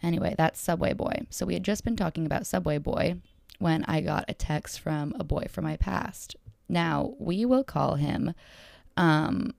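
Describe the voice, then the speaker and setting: A woman's voice: sits low, a little slow, vocal fry, darkish tone, dry recording, clean studio sound. A young woman rambling through a dating story to her followers, chatty and full of fillers, acting out each exchange. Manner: chatty and rambling, filler-heavy, acts out dialogue. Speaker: solo storyteller.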